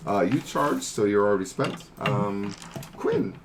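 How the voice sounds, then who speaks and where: A man narrating as game master of a tabletop game, explaining rules and scenes in a halting way full of fillers. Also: lowish voice, sing-song, gravelly, over music.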